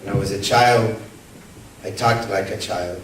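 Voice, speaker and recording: A man preaching a sermon as pastor, telling stories and asking the congregation rhetorical questions, swinging between loud, high calls and soft, low asides. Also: steady tone, a little slow, a little hiss or hum. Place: church sanctuary. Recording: echoey church from a distant mic.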